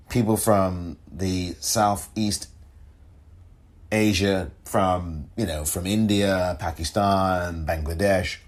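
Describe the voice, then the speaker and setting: A male podcast host delivering solo political commentary in a slow, deliberate, indignant manner. His voice is very low and husky, and he leans hard on key words.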